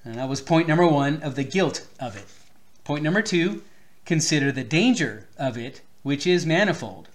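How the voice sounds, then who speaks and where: A man's voice: a little high, animated, normal speed. A man preaching a sermon, reading an old theological text aloud and stopping now and then to explain a word or fix a slip. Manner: reads archaic text aloud, stops to explain words, restarts.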